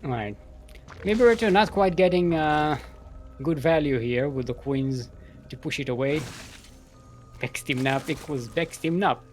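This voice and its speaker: A man's voice: a little high, measured pace, pauses often, darkish tone, soft background music. A man casting a live strategy game tournament, giving running commentary in a goofy, playful way and laughing at his own jokes. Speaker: esports caster.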